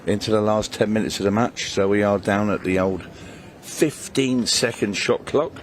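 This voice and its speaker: Former player as male pool co-commentator, low voice, laid-back, hum in the booth. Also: moderate pace. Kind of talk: live sports commentary.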